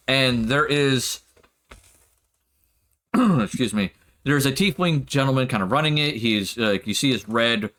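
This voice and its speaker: A man narrating as game master of a tabletop game, laughing often and getting excited. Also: medium pitch.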